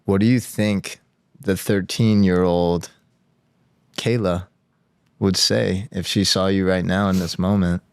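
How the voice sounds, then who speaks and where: A man's voice: deep voice, little pitch movement, takes it slowly, pauses often, smooth, no room sound, studio quality. A man hosting a podcast, asking casual, encouraging questions. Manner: casual, encouraging, swears freely. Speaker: podcast host. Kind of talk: interview questions.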